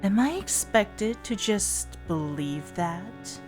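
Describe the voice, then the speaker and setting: A woman's voice: medium pitch, expressive, slow pace, faint music behind. A woman voicing a blunt, tough adult woman investigator from a visual novel, curt and dry. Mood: guarded.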